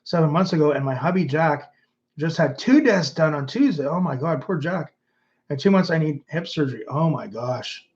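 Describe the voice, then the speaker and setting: A man's voice: on the high side, lively intonation, normal speed, a little mellow, muffled recording. A Canadian man in his fifties, chatting loosely on a livestream and reading out viewer comments. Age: 50s. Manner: rambling, reads viewer comments aloud. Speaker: YouTube host. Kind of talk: casual livestream chat.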